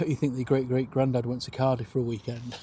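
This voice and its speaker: A man's voice: medium pitch, flat delivery, fairly quick, warm tone, a little hiss or hum. A man hosting a live plane-spotting stream outdoors at an airport, calling arrivals and departures and chatting with viewers' comments.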